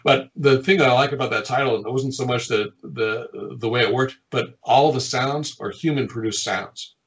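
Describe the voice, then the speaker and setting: A middle-aged man, a game designer, telling stories from his past work in a lively way, often chuckling and acting out what people said. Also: medium pitch, normal speed, lo-fi sound. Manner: lively storyteller who chuckles often and acts out quotes. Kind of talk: reminiscing anecdotes in an interview.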